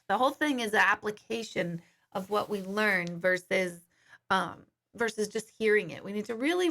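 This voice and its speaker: A middle-aged woman, a psychic medium, speaks in a mid-range, creaky voice with a sharp tone. On her livestream she's casual and blunt, swearing freely and greeting viewers by name.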